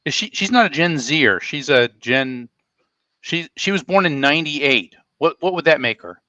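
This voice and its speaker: Middle-aged male co-host, wordy and repetitive, sharp bright tone, dead-dry mic. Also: fairly high pitch, expressive, normal speed, no echo. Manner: wordy, stumbling, repeats himself. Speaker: podcast co-host. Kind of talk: casual chat.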